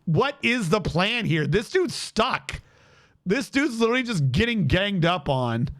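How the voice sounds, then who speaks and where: A man streaming a game with casual commentary, animated and exasperated, swearing freely and talking to chat. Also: high-pitched, measured pace.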